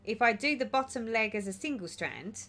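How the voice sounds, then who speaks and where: A woman's voice: fairly high pitch, expressive, moderate pace, a bit bright. A woman hosting a casual stitching livestream, chatting and reading viewers' comments aloud with a lot of giggling. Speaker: livestream host.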